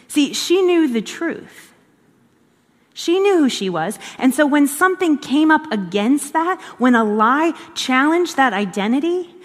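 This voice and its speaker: A woman giving a conversational devotional teaching in an earnest way, repeating phrases for emphasis. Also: high-pitched. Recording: long hall reverb.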